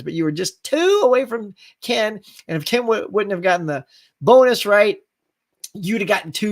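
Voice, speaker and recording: A man hosting a live stream show, chatting casually, reading viewer comments, laughing often and going off on tangents. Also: sits high.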